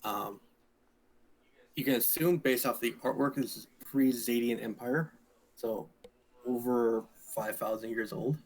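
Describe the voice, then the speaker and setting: Slow-talking man running a tabletop game. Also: medium pitch, low-quality recording. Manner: slow, relaxed narration with fillers. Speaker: dungeon master.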